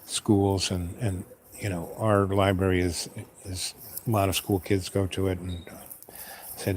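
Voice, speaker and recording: A man with a lowish voice rambles through a casual solo talk as host. He drifts from point to point and muses aloud with plenty of restarts. Faint noise sits under him. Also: flat delivery, unhurried, darkish tone. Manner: meandering, musing, asks himself questions.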